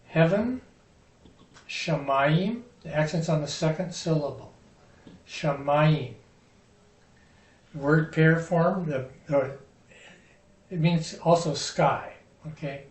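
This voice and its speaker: A man teaches a Hebrew vocabulary lesson at an unhurried pace, pausing over each word and its stress. His voice sits a little high. The sound is roomy and picked up from some distance away. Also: a little mellow. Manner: slow, patient, spells out words and stresses.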